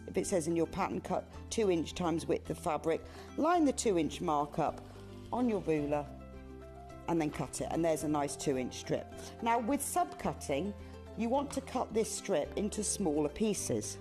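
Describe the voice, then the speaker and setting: Lady explaining quilt cutting, lower voice, music playing behind. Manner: calm, instructive. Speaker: sewing demonstrator. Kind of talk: step-by-step tutorial.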